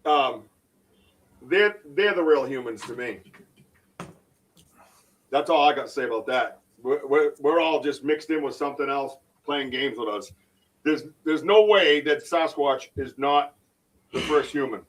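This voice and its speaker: A man hosting a casual podcast livestream about Bigfoot research, talking in an excitable, rambling way with many restarts. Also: medium pitch, measured pace, pauses often, far from the mic, poor audio.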